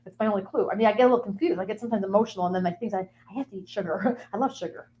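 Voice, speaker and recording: A woman's voice: mid-range voice, rapid-fire, dark tone, muffled recording, a little hiss or hum. A woman guest delivering a playful, rambling comic monologue in character, with sing-song asides.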